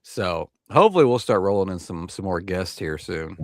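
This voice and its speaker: A man's voice: sits low, big pitch swings, moderate pace, dry recording, studio quality. A man hosting a casual podcast, joking and swearing casually. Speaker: podcast host. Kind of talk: casual chat.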